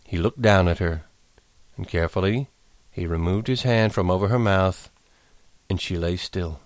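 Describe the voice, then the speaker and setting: A man's voice: low-pitched, normal speed, dry recording. Man reading a novel aloud, dry sound. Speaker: narrator.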